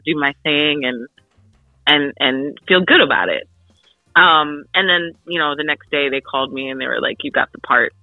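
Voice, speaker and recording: A woman's voice: low-pitched, no room sound. Young woman telling a story over a tinny radio line. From Philadelphia suburbs. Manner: animated, filler-heavy storytelling. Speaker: actress guest. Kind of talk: storytelling interview chat.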